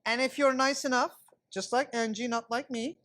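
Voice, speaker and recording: A man's voice: very high-pitched, steady tone, normal speed, sharp tone, slight background noise. A man working as a chef instructor, talking viewers through a cooking class demonstration in a kitchen and explaining each step as he cooks.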